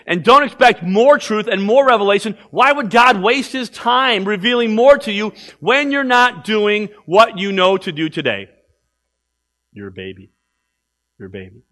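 A man preaching a sermon as pastor in a church, emphatic, swinging from loud exhortation to quiet asides. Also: sits high, animated, normal speed, few pauses.

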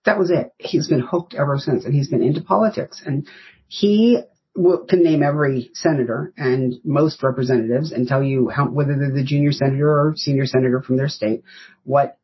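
A woman's voice: very deep voice, fairly even intonation, normal speed, highs cut off, slight background noise. A woman in her fifties from the United States, a podcast guest telling rambling, anecdotal stories in casual interview chat. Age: 50s.

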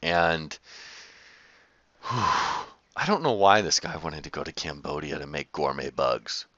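A man telling a food travel story to camera in a casual, animated, profane way that is often broken by laughter. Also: a bass voice, measured pace, dry recording. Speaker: travel vlogger. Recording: slightly dull lo-fi sound.

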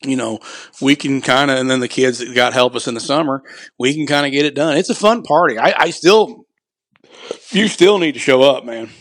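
A man's voice: medium pitch, a little fast, fairly bright tone, dry recording. Blunt, profane man on a podcast. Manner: blunt, profane, rambling with many "you know" fillers. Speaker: podcast guest, clay shoot organizer. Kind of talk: casual podcast conversation.

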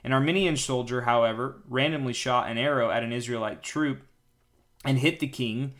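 A young man hosting a daily Bible-reading podcast, reading the passage aloud with lively voices for the characters and joking asides. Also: medium pitch, normal speed. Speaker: podcast host reading scripture.

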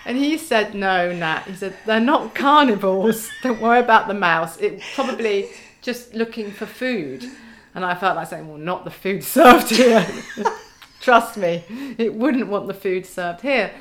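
Woman, middle-aged, podcast guest, casual storytelling, wry humour, laughs often, mid-pitched voice. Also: a little slow, a bit bright.

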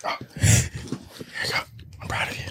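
A man's voice: a little slow, fairly bright tone, a little hiss or hum. A man co-hosting a podcast, chatting with friends in a playful, teasing way and laughing often. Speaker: podcast co-host. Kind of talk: casual chat among friends.

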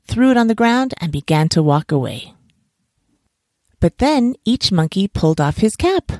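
A woman reading a bedtime story aloud in a gentle, soothing, unhurried way. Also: fairly low pitch, dry recording, studio quality.

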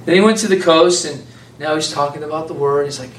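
A man preaching an informal, conversational sermon, animated and laughing often as a small group answers him. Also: a little high, fast, a little hiss or hum. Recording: echoey room from far off.

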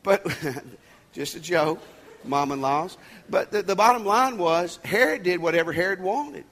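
A man's voice: high-pitched, expressive, unhurried, a bit bright. A male pastor giving a sermon, conversational and emphatic, with folksy asides and jokes.

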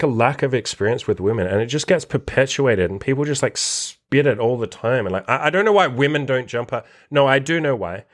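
A man hosting a casual podcast monologue, blunt and profane, swearing constantly as he reacts to a list. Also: medium pitch. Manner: animated, reacting to a written list. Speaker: podcast host and dating coach.

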